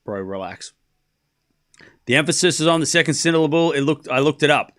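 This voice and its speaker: A young man hosting a live tennis watchalong stream, chatting excitedly and talking to his viewers. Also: a little high, fairly quick. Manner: excitable, chatty, talks to the chat. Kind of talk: casual live-stream chat.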